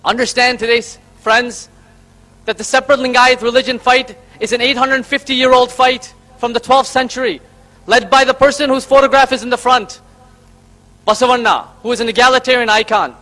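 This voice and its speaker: A man's voice: very high-pitched, fairly even intonation, normal speed, sharp tone. A man from Karnataka, giving an emphatic public speech from a stage and listing his points in order. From Karnataka, India. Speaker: invited speaker.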